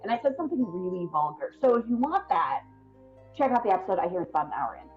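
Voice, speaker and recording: A woman's voice: medium pitch, very animated, quick pace. A woman with a Midwestern accent chatting casually and rambling as she signs off from a tabletop game stream, with lots of ums. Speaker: tabletop game player and podcast host. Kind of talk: casual sign-off chat. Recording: dull lo-fi stream audio, faint music.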